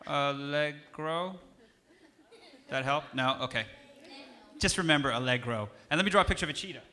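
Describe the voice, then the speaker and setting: Bright-voiced man teaching kids music. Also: mid-range voice, fast talker. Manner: playful, animated, coaxing a young audience. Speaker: music educator. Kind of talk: teaching children at a concert. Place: concert stage.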